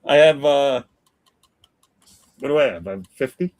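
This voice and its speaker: A man hosting a relaxed live drawing stream, joking and rambling in casual chat with a friend. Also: medium pitch, moderate pace. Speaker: comic artist streamer.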